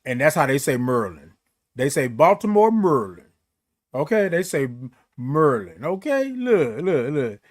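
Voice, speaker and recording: A man's voice: high voice, a bit bright. Chatty man stretching out greetings. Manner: drawn-out sung greetings, chatty and encouraging. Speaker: host. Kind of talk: casual live-stream chat.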